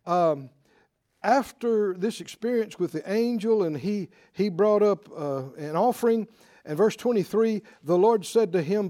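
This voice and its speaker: A man preaching a sermon, animated and acting out Bible figures with chuckles. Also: high-pitched, unhurried.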